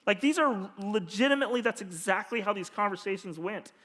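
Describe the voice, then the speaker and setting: High-voiced pastor in a reverberant hall. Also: male voice, lively intonation, brisk. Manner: earnest storyteller, drops to a hushed voice when quoting others. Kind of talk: storytelling sermon.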